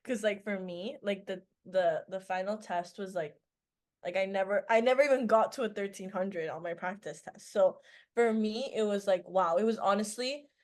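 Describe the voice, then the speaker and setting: A woman's voice: mid-range voice, moderate pace. Chatty teenage girl telling a story. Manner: chatty, animated storytelling with many fillers. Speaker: guest, former student. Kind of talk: casual interview chat.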